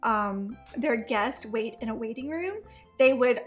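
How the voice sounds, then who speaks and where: A woman's voice: fairly high pitch, unhurried, faint music behind. A woman in her thirties, a mom chatting animatedly in a casual reaction vlog and laughing often. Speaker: vlogger, mom.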